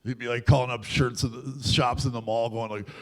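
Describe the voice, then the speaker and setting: A man with a middle-pitched voice speaks at a large youth event. He tells his own story candidly, with self-deprecating humor, and briefly takes on the voices of others as he goes. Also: little pitch movement, fairly quick, a bit bright. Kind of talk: personal storytelling talk. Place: large event hall at a university.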